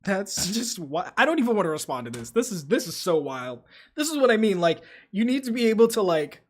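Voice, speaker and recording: Profane and animated, a young male streamer spins stories and reads his chat aloud in a casual live-stream chat. He speaks a little fast, in a voice that sits high.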